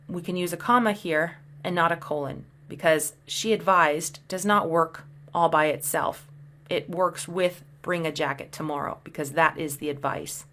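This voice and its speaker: 女老师，语气耐心清晰. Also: female voice, low voice, a bit bright, a little hiss or hum. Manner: clear, patient, reads examples aloud. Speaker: English teacher. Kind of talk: explaining grammar over slides.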